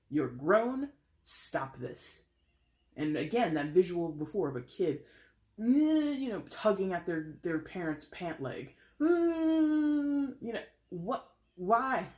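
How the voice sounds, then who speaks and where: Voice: mid-range voice, dark tone, echoey room. A tarot reader from the States giving a blunt, tough-love reading with a sarcastic edge. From United States. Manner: sarcastic, mimics whiners.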